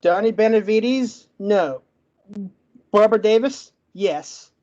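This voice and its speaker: A man's voice: high voice, mellow, lo-fi sound. A man who stutters and gets stuck on words, laying out a closing argument in a podcast debate point by point. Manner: argumentative, lays out points in rapid lists. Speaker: debate guest.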